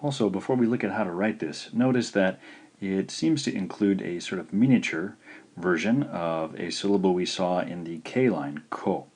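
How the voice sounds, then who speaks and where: A man teaching in a recorded video lesson, patient and slow, saying each syllable out clearly. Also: low-pitched, a little mellow. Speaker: language teacher.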